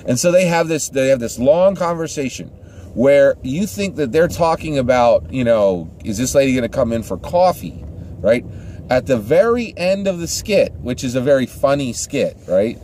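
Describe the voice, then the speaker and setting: A man's voice: mid-range voice, expressive, moderate pace, darkish tone, slight background noise. A man giving a casual, rambling movie review, often restarting sentences and checking in with the listener. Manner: rambling, restarts sentences, keeps asking "right?". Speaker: film reviewer.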